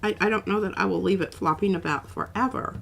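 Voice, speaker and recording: Female craft-stream host, gravelly, chatty, slight background noise. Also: mid-range voice, quick pace. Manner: chatty, rambling, with restarts. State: coughing now and then. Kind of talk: casual crafting demo.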